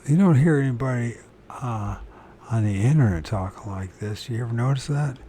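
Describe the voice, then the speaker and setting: A man's voice: medium pitch, lively intonation, normal speed, warm tone, slight background noise. A man reading a book aloud, stumbling over words and correcting himself, with casual muttered asides to his listeners. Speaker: channel host reading aloud.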